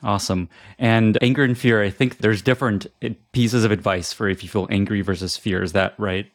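A man with a fairly low voice hosts a podcast and asks questions in a relaxed, conversational way. His sound is dry and close, with no room echo. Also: fairly quick. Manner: casual, curious questioning with fillers. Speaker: podcast host. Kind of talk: podcast interview.

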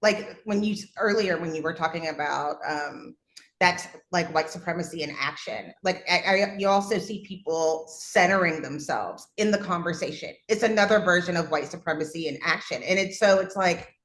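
A woman co-hosting a podcast, chatty and animated, often laughing. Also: fairly low pitch, normal speed, roomy sound. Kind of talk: podcast conversation.

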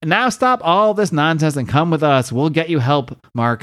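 A man's voice: a little high, animated, normal speed, fairly bright tone. A man reading as a condescending crocodile-headed villain. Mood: chiding. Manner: condescending, chiding. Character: crocodile-headed soul-eating villain posing as doctor.

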